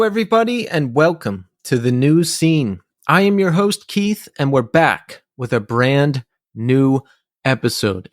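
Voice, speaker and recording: Male podcast host, casual ranting monologue, slightly high, dry recording. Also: no room sound. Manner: chatty, ranting, emphatic.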